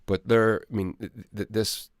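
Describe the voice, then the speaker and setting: A man's voice: lowish voice, flat delivery, moderate pace, no echo, clean studio sound. A man hosting his own casual political commentary, blunt and rambling, swearing and restarting his sentences.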